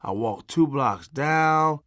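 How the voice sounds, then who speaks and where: A man's voice: on the high side, animated, slow pace, a bit bright, no room sound, clean studio sound. A middle-aged man narrating his memoir in a punchy, folksy, conversational way with salty language.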